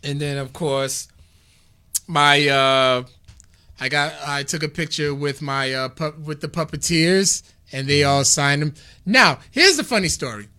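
A man with a fairly high, clean-toned voice speaks at a measured pace. He's a podcast guest recounting a convention in casual chat, an animated storyteller who laughs often and acts out what people said.

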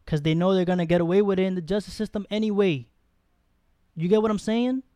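Young New guy, heated podcast co-host, higher voice, dry close sound, slangy and blunt. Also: steady tone, quick pace, dark tone, no room sound. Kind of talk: casual podcast chat.

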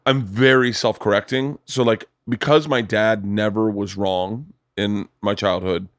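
Animated, profane middle-aged male podcast host. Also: lowish voice, a little slow, dry recording, studio quality. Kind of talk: casual chat.

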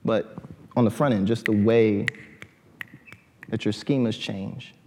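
A man giving an animated talk to a live audience in a lecture hall, often asking "right?". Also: fairly low pitch, slow pace.

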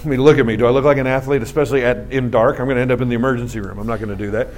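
A man's voice: mid-range voice, racing, slight background noise. A man telling a funny story on stage, acting out voices and laughing along. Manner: animated, acts out voices, laughs at own story. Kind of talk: stand-up storytelling.

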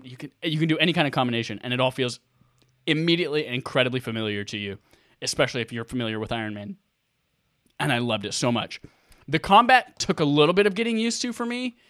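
A man co-hosting a casual gaming podcast, excitable, swearing freely and acting out his own reactions. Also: medium pitch, no echo, clean studio sound. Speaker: podcast co-host.

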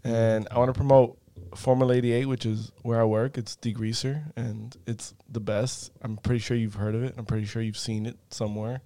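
A man's voice: mid-range voice, flat delivery, moderate pace, few pauses, dark tone, dry recording. A man chatting as a podcast guest, hesitant, with many fillers and restarts. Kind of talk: casual chat.

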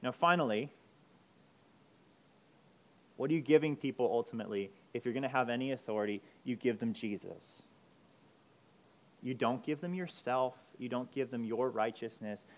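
A man preaching a sermon, emphatic, moving between urgent loud passages and quiet intense ones. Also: mid-range voice, moderate pace, long pauses. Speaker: pastor.

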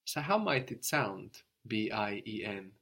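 Male tutor, slightly low voice, calm explainer who quizzes the learner. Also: a little slow, creaky, slightly rough. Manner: patient, explanatory, prompts the student with questions. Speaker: language teacher. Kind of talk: interactive language lesson.

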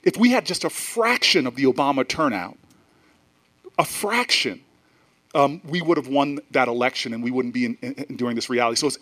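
A man from New Jersey, a senator, giving an animated public talk to an audience, telling stories with frequent restarts and asides. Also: a little high.

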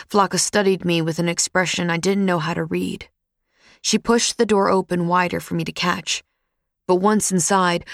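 A woman reading a first-person novel aloud in a measured, steady storytelling manner. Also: on the low side, vocal fry, no room sound, studio quality. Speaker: audiobook narrator. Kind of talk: first-person audiobook narration.

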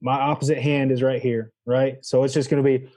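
A man who is a guest on a casual podcast, explaining his technique in a measured way. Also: medium pitch, flat delivery, darkish tone. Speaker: guest, goose calling champion.

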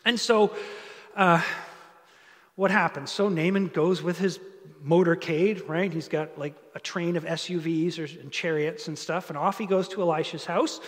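A man's voice: fairly high pitch, normal speed, big-room sound. A man preaching a sermon in a conversational, storytelling way. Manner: conversational, animated storytelling with asides. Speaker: pastor.

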